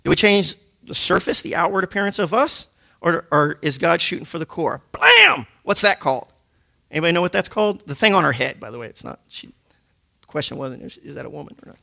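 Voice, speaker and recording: A man teaching a Bible study group in an animated, jokey way, punctuating points with loud sound effects. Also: on the high side, fairly quick, vocal fry. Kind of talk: lively teaching talk to a group.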